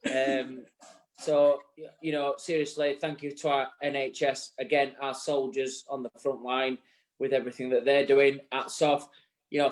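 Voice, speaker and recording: A man with a Yorkshire accent co-hosting a live show, talking in an earnest, rambling way and swearing now and then. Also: fairly high pitch. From England. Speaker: co-host. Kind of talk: casual live show chat. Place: bar set.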